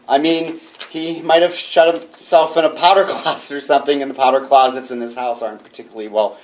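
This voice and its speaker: A man's voice: mid-range voice, close to an everyday voice. A man performing a jittery radio announcer who chatters nervously to his listeners and laughs to himself, read live before an audience in a bookstore. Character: jittery male radio announcer alone in a haunted house. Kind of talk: live reading of a one-man radio play.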